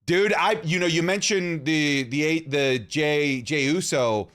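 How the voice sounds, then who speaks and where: A man from Canada co-hosting a podcast, talking in an excitable, animated way and often saying "dude". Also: fairly high pitch, measured pace. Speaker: podcast co-host. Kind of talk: casual chat.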